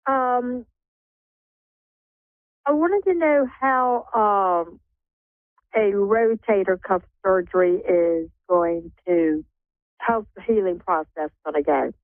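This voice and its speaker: A woman's voice: mid-range voice, no echo. Hesitant woman caller on a phone line. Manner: hesitant, halting with "um". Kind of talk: phone-in question.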